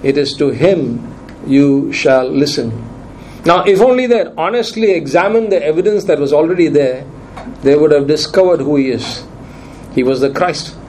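Emphatic male preacher, slightly high voice. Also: normal speed, darkish tone, slight background noise, poor audio. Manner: emphatic, repeats key lines. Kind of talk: sermon.

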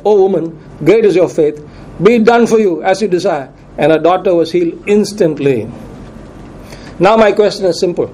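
Man preaching, high voice, reads scripture and quizzes the congregation, faint hum behind. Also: dark tone, low-quality recording. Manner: repeats questions to the congregation for emphasis; reads scripture aloud with verse references. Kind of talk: sermon.

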